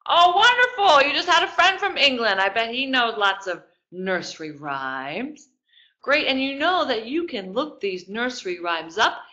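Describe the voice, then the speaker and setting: Bright-voiced woman guiding kids' yoga. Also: medium pitch. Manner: encouraging, coaxing instructions to children. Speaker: kids yoga teacher. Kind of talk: online kids yoga class. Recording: muffled echoey room.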